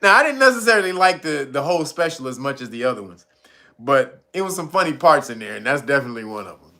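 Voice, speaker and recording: A man's voice: mid-range voice, sing-song, fast, bright, forceful tone. Laughing man retelling comedy bits. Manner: laughs often, retells jokes with put-on voices. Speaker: streamer host. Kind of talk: casual storytelling.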